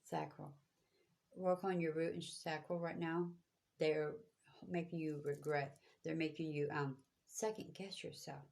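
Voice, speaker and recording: A woman's voice: low-pitched, fairly even intonation, unhurried, gravelly, darkish tone. A woman giving spiritual guidance to viewers, talking in a preachy, repetitive, emphatic way. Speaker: spiritual reader.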